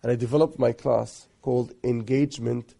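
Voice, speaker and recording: A man from Egypt speaks with a deep gravel in his voice, husky and mellow in tone. He is a guest sheikh, unhurried and soft-spoken, giving marriage advice through little stories with amused asides. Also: fairly even intonation. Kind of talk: relaxed conversational advice.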